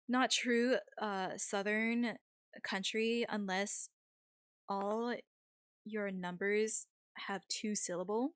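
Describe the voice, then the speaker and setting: A young woman streamer chatting loosely with her viewers, full of fillers and quick laughs. Her voice sits at an ordinary middle pitch. The recording is close and dry, with no room sound. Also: fairly even intonation, smooth, no echo. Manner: rambling, filler-heavy, laughs often. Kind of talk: casual chat with stream viewers.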